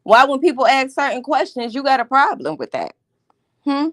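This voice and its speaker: A woman's high voice swings widely in pitch at a moderate pace as she hosts a livestream. Blunt and confrontational, she calls people out with repeated questions in casual commentary. There's no echo, just dry, close sound.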